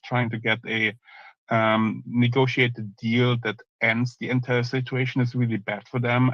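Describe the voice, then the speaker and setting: A man hosting a live online audio chat, answering questions with many ums and halting restarts. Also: mid-range voice, no room sound, dull audio. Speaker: host.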